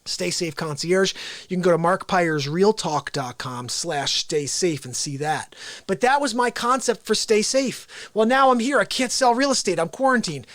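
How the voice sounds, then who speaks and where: Excitable salesy male host, live stream, lively high voice, dry close mic. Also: normal speed, dry recording. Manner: excitable, salesy, addresses viewers directly. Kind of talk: live-streamed casual talk show.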